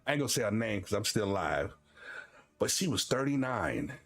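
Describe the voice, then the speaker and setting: Hosting his stream, a man in his forties from Florida tells stories in a relaxed, chatty way, laughing and lively. His voice jumps between high, excited bursts and low asides, and he speaks a little fast.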